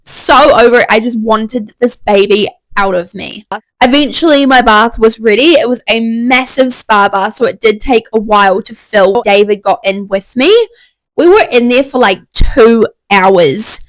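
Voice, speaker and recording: Young woman, a touch high, candid and excited, casual storytelling to camera, dry close mic. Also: measured pace, no room sound, low-quality recording. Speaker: vlogger.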